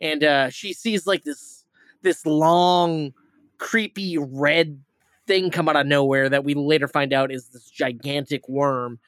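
A man with a fairly high voice hosts a movie review podcast and rambles through a plot summary with plenty of fillers and swearing. His voice is recorded close and dry. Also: fairly even intonation, a little slow, a bit bright, no room sound. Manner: rambling, profane, many fillers and restarts. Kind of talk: casual movie review chat.

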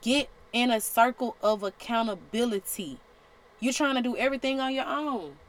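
A woman's voice: a little high, normal speed, slight background noise, low-quality recording. A woman hosting a podcast, giving a faith-based motivational talk in an emphatic, exhorting, colloquial way. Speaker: podcast host.

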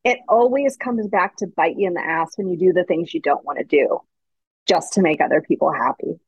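A woman's voice: lowish voice, brisk, slightly rough, no echo, highs cut off. A woman guest speaking candidly and reflectively in an interview, sometimes acting out the voices of people in her stories. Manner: earnest, reflective storytelling, acts out quoted voices. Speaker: guest author.

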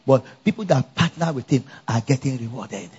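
A male pastor preaching a lively sermon at a church conference, calling out to the congregation for answers. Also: mid-range voice, moderate pace, breathy edge, dull audio. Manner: animated, call-and-response with congregation.

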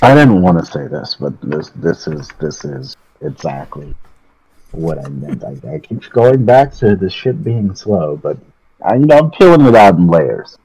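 A man's voice: low voice, very animated, unhurried, gravelly, darkish tone, husky, poor audio. A man co-hosting a podcast in casual chat, blunt and dismissive, repeating words for emphasis. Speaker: podcast co-host reviewing a film.

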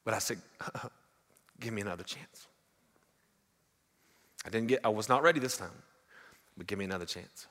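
A man preaching a sermon, telling stories and swinging from loud to hushed. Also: fairly low pitch, moderate pace, long pauses. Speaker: pastor. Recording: long hall reverb.

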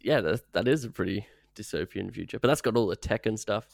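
Gravelly man, hesitant laughing chat. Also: fairly low pitch, expressive, fairly quick, dry recording. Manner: hesitant, laughs often, restarts sentences. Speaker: podcast co-host asking questions. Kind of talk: casual chat.

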